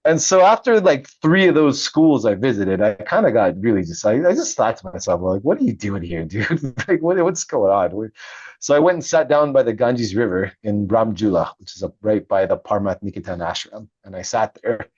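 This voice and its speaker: A middle-aged man, a veteran, telling his story in a casual interview, animated and laughing often. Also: on the low side, a little fast, no room sound, muffled recording. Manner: animated, laughs often, acts out quoted voices. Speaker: podcast guest, Navy veteran and author.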